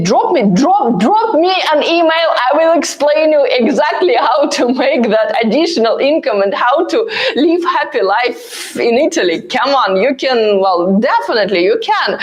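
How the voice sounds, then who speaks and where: A woman in her thirties, not a native English speaker, hosting a live Q&A and answering viewers bluntly and eagerly, with lots of fillers. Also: sits high. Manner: blunt, animated and pushy, with many fillers. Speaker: host answering viewer comments. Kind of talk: live-stream Q&A chat.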